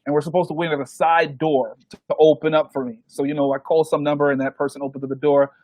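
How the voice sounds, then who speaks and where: A man's voice: fairly high pitch, fast talker, no room sound. A man, a guest DJ, telling a story in casual chat on a podcast and acting out the people he quotes. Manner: animated, acts out the people he quotes. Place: podcast recording.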